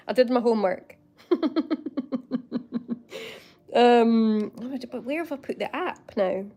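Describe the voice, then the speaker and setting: A Scottish woman with a rather high, dark-toned voice hosts a casual livestream, speaking slowly and pausing often. She's bubbly, laughs a lot, and chats to her viewers by name.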